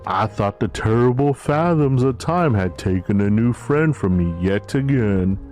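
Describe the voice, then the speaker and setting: A man voicing a clingy, melodramatic undead man in a game, speaking in a high, theatrical voice. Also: lively intonation, unhurried, a little mellow, soft background music. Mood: gushing dramatic. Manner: theatrical, gushing.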